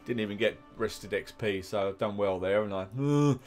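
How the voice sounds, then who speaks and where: A man's voice: on the low side, normal speed, a little mellow, soft background music. A man with an English accent giving casual, rambling commentary while playing a game, drifting into chatty asides. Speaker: gaming YouTuber.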